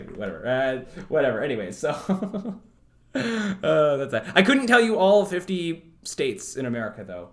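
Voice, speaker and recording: Young Canadian-born streamer, slightly high pitch, loose stammering chat while he works. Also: fairly bright tone. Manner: rambling, stammering, many fillers. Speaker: livestreamer. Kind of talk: casual rambling chat.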